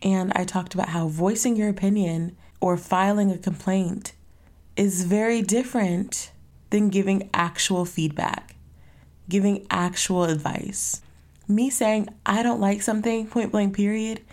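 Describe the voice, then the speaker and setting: A woman's voice: mid-range voice, darkish tone. A young woman hosting her own podcast in a casual solo chat, rambling playfully and tossing in sassy asides. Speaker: podcast host.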